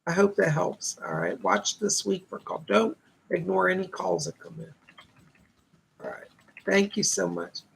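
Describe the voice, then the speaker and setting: A man's voice: sits high, unhurried, creaky, a bit bright, slight background noise. A man hosting a live stream of psychic readings, chatty and upbeat, reading viewer comments aloud and thanking donors.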